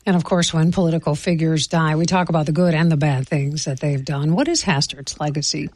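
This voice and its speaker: A woman radio host conducting a news interview, asking questions in a brisk, composed way. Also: sits low, fairly even intonation, darkish tone, no echo.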